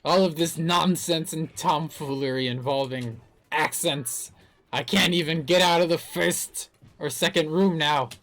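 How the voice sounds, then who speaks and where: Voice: mid-range voice, a little slow, a bit bright. A streamer giving live gameplay commentary, playful and laughing, joking about attempts at silly accents.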